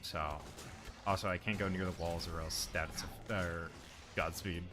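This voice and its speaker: A man's voice: low-pitched, steady tone, normal speed, music in the background. A man streaming a video game, rambling and joking with his chat in a casual way. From United States.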